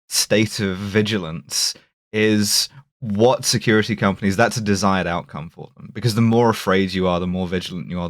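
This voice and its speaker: A fairly low-voiced man hosting a podcast asks wry, probing questions. The recording is dry and close. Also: fairly bright tone, dry recording. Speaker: podcast host. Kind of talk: casual chat.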